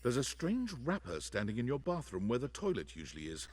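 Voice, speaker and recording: A man's voice: mid-range voice, wildly swooping pitch, a little fast, a little mellow. A man giving dry, wry scripted narration in a video game.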